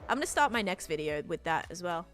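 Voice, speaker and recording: A woman's voice: fairly low pitch, sing-song, quick pace. Australian woman, game streamer, rambling casual chat with viewers, faint music behind. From Australia, Sydney. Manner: chatty, rambling, reads out and answers chat.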